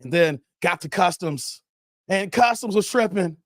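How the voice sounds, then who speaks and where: A man from Chicago hosting a casual livestream, telling a story with animated acted-out voices and talking straight to his viewers. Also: high-pitched, a little slow, dry recording, clean studio sound. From Chicago, USA. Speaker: livestream host.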